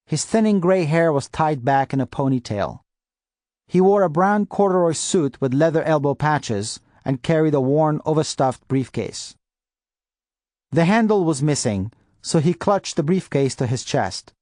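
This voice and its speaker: A man narrating an audiobook in first person with a steady, measured reading. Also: fairly high pitch, no echo, clean studio sound.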